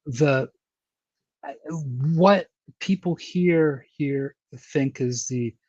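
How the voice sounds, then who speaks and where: A man's voice: a little high, drawn-out words, darkish tone, dry recording, lo-fi sound. An American man from Baltimore hosting a podcast interview, chatting casually and rambling, with lots of repeated words and restarts. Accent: American, with a touch of New York. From Baltimore, USA. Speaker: podcast host.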